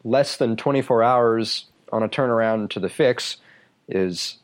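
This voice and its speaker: A man's voice: medium pitch, a little slow. A man from Texas with a Texan accent, hosting a casual podcast chat in a laid-back, self-deprecating way. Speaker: podcast host.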